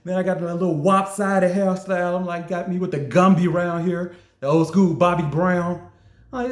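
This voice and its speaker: A man reviewing fast food in a casual vlog, joking, laughing often and acting out his own lines. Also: sits high. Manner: animated, joking, quick to laugh. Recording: roomy echo.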